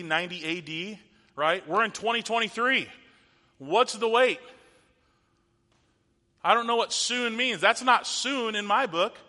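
A man's voice: sits high, sharp tone. A man in his thirties giving a conversational sermon as a pastor, asking the audience rhetorical questions. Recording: long hall reverb.

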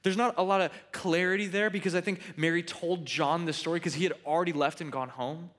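Lively guy preaching, casual and jokey, kinda high voice. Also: a little fast. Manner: animated, conversational, joking asides. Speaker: pastor. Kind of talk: sermon.

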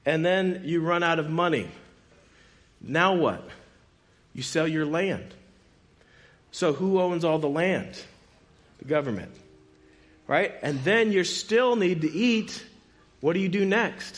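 A man preaching in a casual, conversational way, retelling a Bible story with lively quoted dialogue. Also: on the high side, slow, long pauses.

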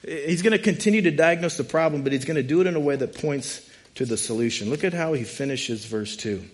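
A man with a slightly high voice preaching to a congregation in a room. His tone is conversational and joking, and he drives his points with quick rhetorical questions. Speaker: pastor. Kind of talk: sermon.

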